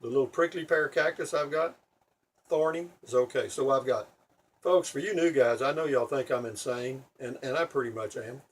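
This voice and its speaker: A man with a husky, slightly rough voice, rambling casually to his video audience. He sounds a little distant from the microphone, and he is blunt, profane and opinionated while poking fun at himself. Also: medium pitch, moderate pace. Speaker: vlogger. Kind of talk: rambling casual monologue to viewers. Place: home in Texas.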